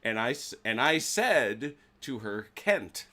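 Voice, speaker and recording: A chatty American man hosting a tabletop wargame, telling a story in a casual way. His voice is bright and forward and sits at a middle pitch. He stumbles over his words and restarts sentences as he talks. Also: lively intonation, unhurried. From United States. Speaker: game host.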